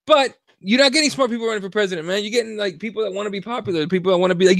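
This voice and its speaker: A young man co-hosting a podcast, talking casually in an animated, profane way and acting out quotes. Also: sits high, very fast, vocal fry, few pauses, no echo. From Mexico. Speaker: podcast co-host. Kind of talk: casual opinion chat.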